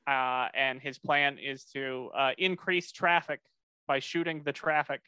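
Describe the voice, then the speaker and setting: A man's voice: mid-range voice, little pitch movement, a little slow, pushed and bright, clean tone, no room sound. A man co-hosting a podcast, casually recapping a cartoon episode with lots of fillers and restarts. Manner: rambling, many fillers and restarts. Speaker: podcast co-host.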